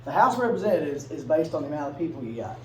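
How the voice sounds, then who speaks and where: Male teacher, chatty classroom lecture, higher-pitched voice, distant mic with faint room hiss. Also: big pitch swings, reverberant. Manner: conversational, asks the class questions, acts out quick bits in funny voices.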